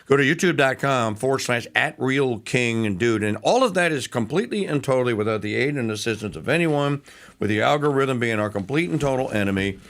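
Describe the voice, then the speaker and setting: A man hosting a morning radio and TV talk show, chatting and plugging memberships in an animated way. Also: mid-range voice, a little fast.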